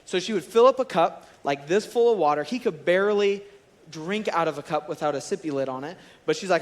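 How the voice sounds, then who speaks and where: Storytelling young pastor in a reverberant hall. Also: male voice, a little high, brisk. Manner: storytelling, animated and conversational. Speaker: college and students director. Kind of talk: sermon. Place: large church auditorium.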